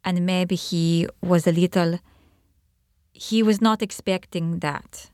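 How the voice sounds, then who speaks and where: Young woman, witness on the stand, hesitant, lowish voice, dry sound. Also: steady tone, a little mellow, no echo. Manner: halting, hesitant answers. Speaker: trial witness. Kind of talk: courtroom testimony.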